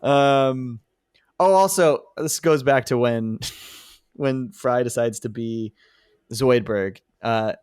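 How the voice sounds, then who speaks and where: An enthusiastic man co-hosting a casual podcast, breaking into laughter as he retells scenes. His voice is smooth and resonant. The recording is dry and close, with no room sound. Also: medium pitch, slow, a little mellow, dry recording. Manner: enthusiastic, laughs often, quotes lines from the show. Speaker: podcast co-host. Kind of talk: casual chat.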